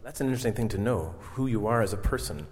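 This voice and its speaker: A man's voice: lowish voice, expressive, fast, a little mellow. Guy moderating a talk, rambly questions, echoey hall. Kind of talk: onstage interview questions. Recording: long hall reverb.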